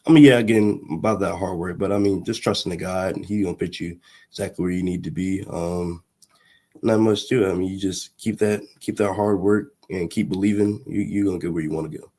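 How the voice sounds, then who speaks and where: A teenage young man, a high school athlete giving short, polite answers in an interview. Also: fairly even intonation, a little fast. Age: teens. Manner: polite, brief, soft-spoken answers. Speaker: guest, high school running back.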